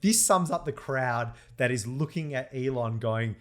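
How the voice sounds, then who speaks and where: A man's voice: medium pitch, normal speed. A young man co-hosting a casual podcast chat, laughing often as he talks. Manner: laughs often, animated, says "mate" a lot. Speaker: podcast co-host.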